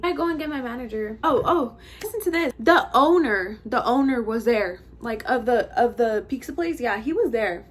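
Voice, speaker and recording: Young female vlogger, casual slangy storyteller, lots of "like", voice a touch high. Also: lively intonation, normal speed, few pauses, a little hiss or hum. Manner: chatty, slangy, heavy use of "like" and "bro". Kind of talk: casual storytime while getting ready.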